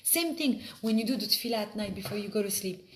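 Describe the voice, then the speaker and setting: A woman teaching an informal Torah lesson in an expressive way, often asking her listeners questions. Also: mid-range voice, fast. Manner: expressive, asks rhetorical questions.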